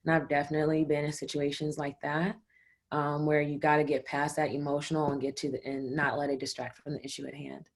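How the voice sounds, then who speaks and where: A measured woman panelist with a very low voice that barely moves in pitch. She talks at a steady, even pace. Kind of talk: roundtable discussion.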